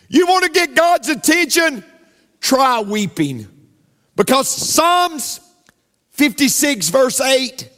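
Slow, soaring male preacher in a reverberant hall. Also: very high voice, fairly bright tone. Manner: emphatic, repeats key lines, drops to near-whispers for effect. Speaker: pastor. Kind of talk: preaching a sermon. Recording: long reverb of a large hall.

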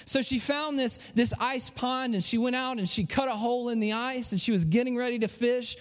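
A man preaching a sermon, telling stories with restarts and emphatic pauses. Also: extremely high pitch, steady tone. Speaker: pastor. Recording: long hall reverb.

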